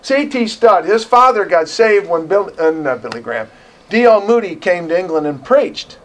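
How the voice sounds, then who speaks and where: With a high-pitched voice and lively intonation, a man delivers an impassioned sermon in church. He is emphatic, moving between loud declarations and quiet, drawn-out lines.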